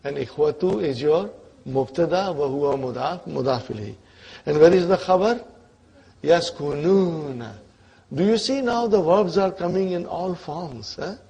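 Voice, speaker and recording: A man's voice: fairly high pitch, lively intonation, gravelly, warm tone, husky, dull audio. A man teaching an Arabic grammar lesson, quizzing his students and checking often whether they are following along. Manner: patient, repeats terms slowly.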